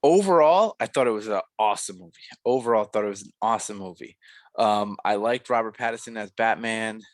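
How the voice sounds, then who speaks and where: A young podcast co-host reviews a film in a rambling, casual manner, full of fillers, restarts and self-corrections. His pitch is fairly low and his pace brisk, in a dry recording.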